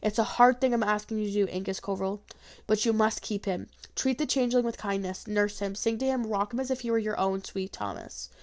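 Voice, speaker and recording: A woman's voice: medium pitch, fairly even intonation, a little fast, close to an everyday voice. A woman doing a harsh old crone. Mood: grave. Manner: scolding, curt.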